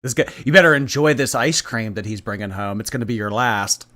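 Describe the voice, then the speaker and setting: A man's voice: medium pitch, a little fast. A man chatting casually on a live stream, teasing and sarcastic. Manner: sarcastic, teasing, lively intonation. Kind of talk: casual livestream chat.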